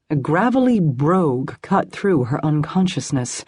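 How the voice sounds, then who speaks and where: A woman narrating an audiobook in a measured, even storytelling voice, close to the mic. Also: sits low, slightly rough, no room sound. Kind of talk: scripted narration.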